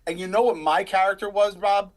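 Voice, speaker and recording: A man's voice: high voice, brisk. A man in his thirties, a podcast co-host, rambling through casual live stream chat and stories. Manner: rambling, animated storyteller.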